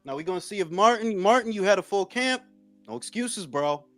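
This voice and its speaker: A man from Los Angeles co-hosting a casual boxing talk stream, animated and cursing freely, with bits of Spanish. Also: sits high, a little fast, dry recording, faint music behind. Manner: animated, swears a lot, drops Spanish phrases. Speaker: boxing talk show co-host. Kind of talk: casual live stream banter.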